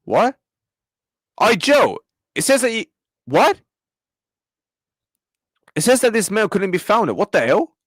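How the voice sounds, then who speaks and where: A football fan channel host gives a heated match reaction rant in a high, very animated voice, yet he speaks slowly and pauses often. Exasperated and slangy, he repeats himself to his viewers, in a low-quality recording with no room sound.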